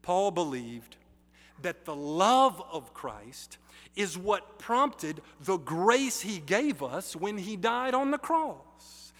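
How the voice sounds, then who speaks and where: A male pastor preaching a sermon in slow, deliberate phrases with emphatic pauses, in a church sanctuary. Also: high voice, sing-song, a bit bright. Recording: reverberant sanctuary hall.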